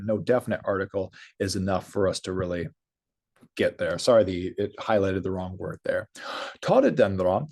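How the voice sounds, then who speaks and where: Man teaching Greek, slow reading then brisk. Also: on the low side, a little mellow. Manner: reads Greek slowly, then explains briskly. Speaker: Greek instructor. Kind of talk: recorded language lesson.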